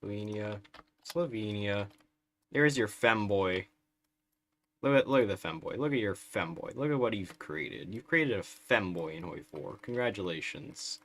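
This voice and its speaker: A man's voice: on the low side, lively intonation, a little slow, a bit bright, slight background noise. A man streaming a strategy game live, chatting through it in a wry, sarcastic way. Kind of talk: live gameplay commentary.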